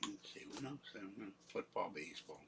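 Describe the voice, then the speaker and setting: A man's voice: lowish voice, lively intonation, fairly quick, gravelly, fairly bright tone, a little hiss or hum. An older man rambling in a casual livestream from his home computer, wandering between stories with a self-mocking manner. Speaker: livestream host.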